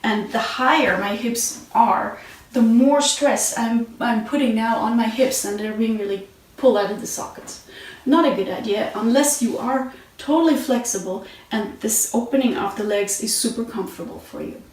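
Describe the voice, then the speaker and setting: A woman teaching meditation and yoga sitting positions in a relaxed, conversational way, with fillers and restarts, recorded on a mat at home. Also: on the high side, normal speed. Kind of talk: instructional talk. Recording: very echoey room, mic at a distance.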